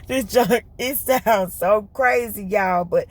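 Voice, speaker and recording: A woman telling a story to her viewers in casual, colloquial chat. She talks fast in bursts, is lively, and laughs often. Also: medium pitch, no echo. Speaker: vlogger.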